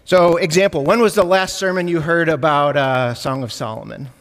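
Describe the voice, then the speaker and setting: A man's voice: fairly high pitch, moderate pace, fairly bright tone, in a large hall. A man from the United States with a Midwestern Chicago-area accent, preaching a sermon in a conversational way and joking with the congregation. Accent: Midwestern American, Chicago area. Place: church sanctuary.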